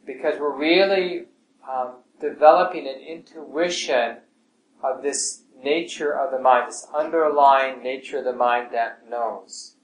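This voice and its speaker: A man teaching a meditation class in a calm, gentle way, his voice often sinking soft and low. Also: a little slow, slight background noise. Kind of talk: relaxed meditation class talk. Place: class room with students. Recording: echoey room, faint ambience.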